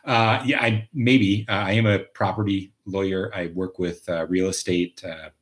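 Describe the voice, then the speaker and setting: Speaking a little slowly in a low voice with fairly even intonation, a man from Minnesota, USA, runs a livestream. He goes through viewer comments in casual, rambling talk, restarting often and leaning on fillers.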